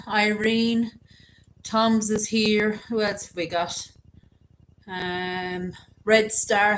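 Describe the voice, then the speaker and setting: Slow-talking woman hosting a live chat. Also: mid-range voice, a little hiss or hum, rough recording. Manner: chatty, greets viewers by name and reads comments aloud. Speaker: livestream host. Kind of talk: casual livestream chat.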